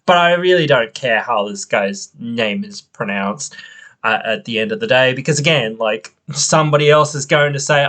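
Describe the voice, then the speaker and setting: A man's voice: mid-range voice, lively intonation, normal speed, a bit bright. A man hosting a wrestling podcast, venting in a rambling, frustrated way. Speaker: podcast host. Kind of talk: casual opinion podcast.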